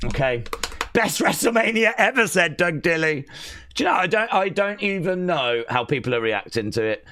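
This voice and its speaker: Middle-aged guy ranting on a wrestling watch-along stream, swings up and down a lot, slow drawl, dry close mic. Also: on the high side, animated, a bit bright, no echo. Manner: exasperated ranting, sarcastic. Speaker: live stream host.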